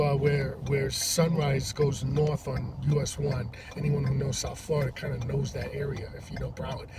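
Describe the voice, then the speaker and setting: A man who drives for a rideshare service, telling a story to camera in a halting, rambling way, from inside a parked car. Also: a little high. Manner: rambling, halting with many restarts. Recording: distant mic with loud traffic noise. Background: loud vehicle and road noise.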